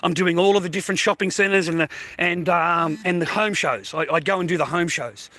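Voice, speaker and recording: A man's voice: high voice, brisk, pushed and bright, no room sound. An older Australian man rambling casually to his livestream viewers, swearing constantly and calling the listener mate and bro. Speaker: livestream host.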